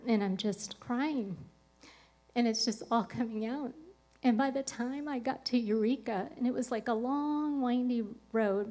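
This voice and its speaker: A woman's voice: fairly high pitch, a little mellow. A woman speaking on a podcast, telling a personal story in a casual, rambling way with lots of "like" and "um". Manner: rambling, full of "like" and "um" fillers.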